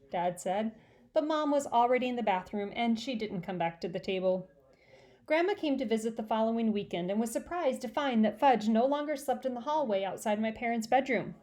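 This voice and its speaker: A woman teacher reading a children's chapter book aloud to her class, in a warm, expressive storytelling manner. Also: mid-range voice, moderate pace.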